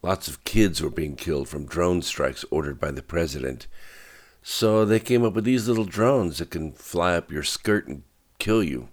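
A blunt, fiery young woman reporter, put on by a male audiobook narrator, firing off probing questions. The voice is lifted well above his own very deep register, yet stays low for a woman. She pushes hard and snaps back quickly. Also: animated. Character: sharp-tongued woman reporter, young adult.

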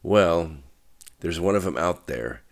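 A man's voice: sits low, lively intonation, slow pace. A man playing a terse young bodyguard. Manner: clipped, guarded.

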